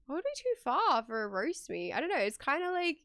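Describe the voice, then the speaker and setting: A woman's voice: high-pitched, huge pitch swings, a little fast, fairly bright tone, no echo, clean studio sound. A young woman streamer chatting casually with her viewers, giggly and talkative, reading messages aloud.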